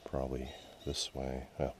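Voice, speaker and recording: Talking to his action camera on a forest trail, a Canadian hiking vlogger speaks in a very low, deep, monotone voice, unhurried. He's wry, grumbles about the signs, and chats casually over a faint hiss of outdoor noise.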